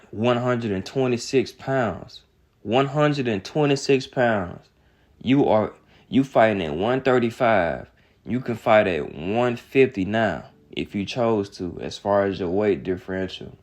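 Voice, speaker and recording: A man's voice: fairly low pitch, a little mellow. A young man, ranting in casual commentary with a heated, mocking, repetitive manner. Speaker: boxing commentator.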